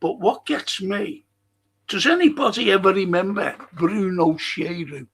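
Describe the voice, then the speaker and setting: A man's voice: high-pitched, a little slow, fairly bright tone, slightly rough. A man hosting a football fan stream, ranting angrily and swearing in a rambling monologue. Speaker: football fan show host.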